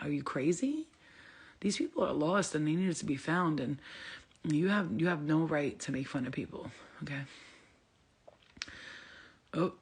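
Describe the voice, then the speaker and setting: A woman hosting a casual livestream as a spiritual healer, talking bluntly and profanely and laughing often as she answers viewers. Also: deep voice. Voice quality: gravelly, husky.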